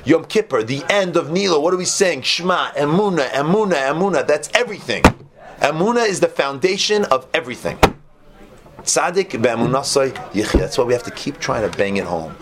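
A man giving an animated sermon on faith, repeating his points and telling stories to a live audience. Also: fairly high pitch, a little fast, heavy background noise. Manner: animated, repetitive, storytelling preacher. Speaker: Torah teacher.

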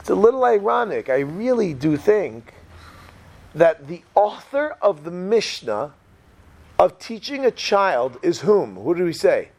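A man's voice: high voice, big pitch swings, a little slow, vocal fry, a little mellow. A man giving an informal Torah class in a joking, chatty way, often putting questions to his listeners. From Israel. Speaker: rabbi teaching a class.

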